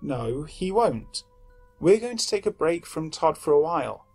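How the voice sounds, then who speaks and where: A guarded mother speaking firmly in a husky, slightly raised voice, as a male narrator reads her. Faint music runs beneath. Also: a little high, very animated, unhurried, darkish tone, full character voice. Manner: firm, guarded. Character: wary, firm mother.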